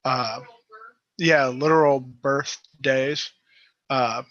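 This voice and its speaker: A male guest in a casual chat, easygoing and earnest, speaking haltingly. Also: mid-range voice, steady tone, fairly bright tone, no room sound, muffled recording.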